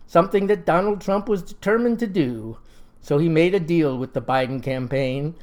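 Southern man, comic folksy narrator, dry and mock-serious. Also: a little high. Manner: folksy, deadpan, mock-solemn. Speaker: storyteller.

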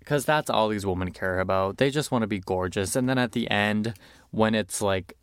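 A man's voice: on the low side, moderate pace, smooth, no room sound, clean studio sound. A man hosting a podcast, chatting casually and animatedly about movies, with lots of fillers, and acting out quotes. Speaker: podcast host.

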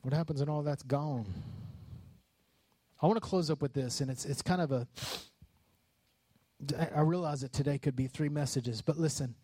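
A high-pitched man preaching with fiery passion, his voice climbing into shouts at the peaks. The sound is close and dry, with no room echo. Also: moderate pace, long pauses. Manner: passionate, rising to shouts on key lines. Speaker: pastor. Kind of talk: sermon.

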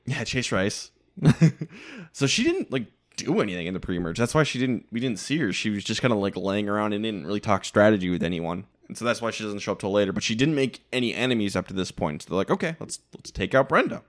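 A man's voice: fairly low pitch, expressive, fast talker. A man co-hosting a casual podcast, recapping a reality show with blunt, opinionated asides. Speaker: podcast co-host.

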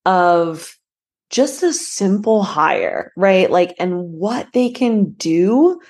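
A woman's voice: lowish voice, big pitch swings, extremely slow, a little mellow. A woman hosting a podcast in a casual, rambling way, emotional and full of "like". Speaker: podcast host.

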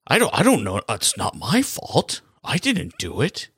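A man's voice: medium pitch, wildly swooping pitch, a little slow, fairly bright tone, husky, no room sound, clean studio sound, exaggerated voice. A man doing a mock impression of a baffled, defensive male hockey team manager who mumbles and stammers. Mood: whiny.

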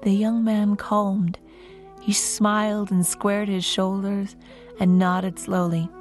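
A woman guest storyteller telling a folk tale to children in an expressive, lilting way, close to the mic. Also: mid-range voice, slow pace, soft background music.

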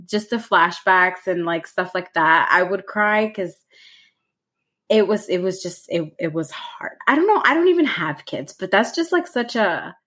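A woman's voice: on the low side, animated, measured pace, a bit bright. A woman co-hosting a book podcast, chatting casually and rambling with lots of fillers. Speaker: podcast co-host.

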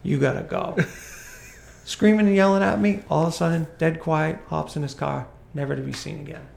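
Gravelly, slightly high male host, profane and animated, echoey room. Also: normal speed. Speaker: podcast host, golf course superintendent. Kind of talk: casual storytelling chat.

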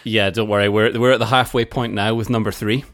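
A man co-hosting a podcast, running a lyrics quiz in a playful, casual way and reading lines out deadpan. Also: on the low side, brisk, dry recording, studio quality. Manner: playful, reads lyrics aloud in a flat deadpan way. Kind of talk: casual chat.

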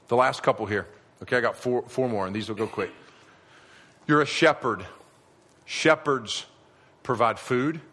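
A middle-aged man preaching a sermon to a live audience, animated and acting out quoted voices, growing emphatic. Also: medium pitch. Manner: animated, rising to emphatic near shouting at the end. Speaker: pastor. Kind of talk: sermon on parenting.

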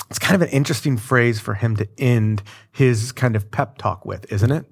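A man preaching a sermon in a conversational, animated way, with casual asides to the congregation. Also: mid-range voice, moderate pace, creaky, hardly any pauses, slightly rough. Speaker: pastor.

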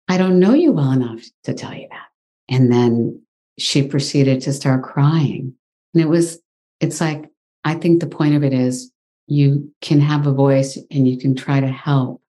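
A woman with a low voice tells a personal story in an interview. She talks in an animated way, with frequent exclamations. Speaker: guest.

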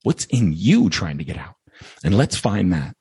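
A man's voice: sits low, big pitch swings, normal speed, darkish tone, husky, dry recording. A man hosting a podcast, talking earnestly and emotionally, repeating phrases as he thanks his listeners. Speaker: podcast host. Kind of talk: heartfelt podcast monologue.

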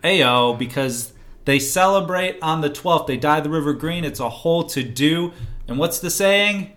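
A man's voice: fairly high pitch, animated, unhurried, a bit bright. A man co-hosting a podcast in casual chat, with wry, teasing banter. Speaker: podcast co-host.

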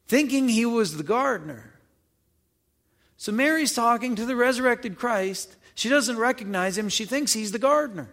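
A male preacher works through a Gospel passage, reading each verse and then breaking it down in plain, conversational terms. He poses questions to his listeners as he goes. His voice is fairly high for a man, and it carries into a long, ringing reverb, as if from a church hall. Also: expressive, normal speed, creaky, fairly bright tone. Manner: reads verses then explains them conversationally, asking questions. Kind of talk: Bible teaching, reading scripture with commentary.

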